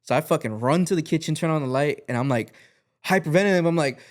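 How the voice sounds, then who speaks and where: A man's voice: a little high, fast. A man, a podcast guest and music artist, telling a rambling story in a casual chat, full of fillers and swearing, acting out the lines he quotes.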